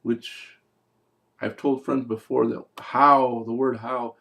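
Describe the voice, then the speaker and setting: Gravelly guy ranting about a movie, lots of swearing, sarcastic asides. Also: medium pitch, little pitch movement, takes it slowly, pushed and bright. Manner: profane, sarcastic, rambling. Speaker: movie reviewer. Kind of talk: casual spoken movie review.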